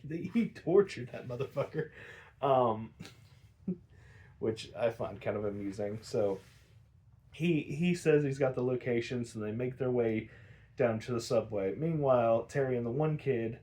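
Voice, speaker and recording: A man's voice: mid-range voice, a little mellow. A man casually recapping a cartoon episode, rambling, swearing and laughing often.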